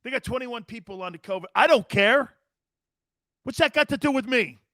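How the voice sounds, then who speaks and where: A man's voice: extremely high pitch, expressive, normal speed, dry recording, clean studio sound. A middle-aged man hosting a sports talk show, hollering his opinions, swearing freely and hammering the same catchphrases. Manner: loud, hollering and profane; emphatic, repeats catchphrases.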